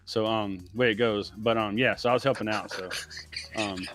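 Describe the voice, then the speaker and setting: A man's voice: lowish voice, fairly even intonation, normal speed, over music. A man talking as a guest on a casual livestream, laid-back and rambling, filling his talk with "like" and "man.". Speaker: guest, window tinter.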